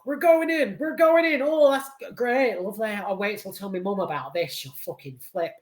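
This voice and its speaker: A woman playing an excited man astronaut with a northern English accent who talks in a cheeky, crude way. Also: mid-range voice, moderate pace, voice pushed up, close to an everyday voice. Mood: giddy. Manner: giddy and cheeky. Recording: roomy echo.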